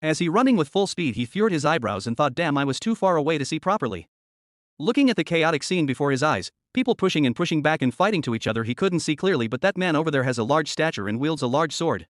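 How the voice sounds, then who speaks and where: A man narrating a comic story recap in a rushed, even storytelling manner. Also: on the high side, no room sound, studio quality.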